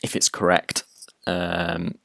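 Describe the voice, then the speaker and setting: A man's voice: low voice, monotone, slow pace, gravelly, a bit bright. A man teaching programming in a recorded lecture, explaining step by step in a chatty way with many fillers and restarts.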